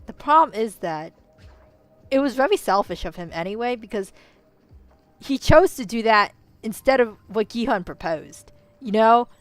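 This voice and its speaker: A woman in a casual, rambling commentary, full of "you know"s and self-corrections, swinging between quiet musing and loud outbursts. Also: on the high side, lively intonation, moderate pace, no echo, faint music behind. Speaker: vlogger.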